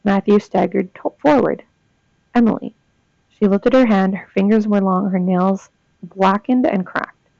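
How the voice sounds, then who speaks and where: A young woman reads ghost stories a little slowly, her mid-range voice gravelly and mellow with fairly even intonation. Between stories she chats, gasps and comments in a casual way. The recording is dull, lo-fi and dry.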